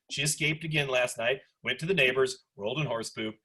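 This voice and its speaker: Animated male instructor on a video call. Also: a little high, quick pace, few pauses, husky. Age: 40s. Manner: animated, chatty, lots of asides. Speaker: sociology instructor. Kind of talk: online class discussion lecture.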